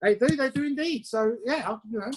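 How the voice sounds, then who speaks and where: A man from England, a musician guest, telling chatty anecdotes with quick asides over a video call from his home. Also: very high voice, a little hiss or hum. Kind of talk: casual interview chat.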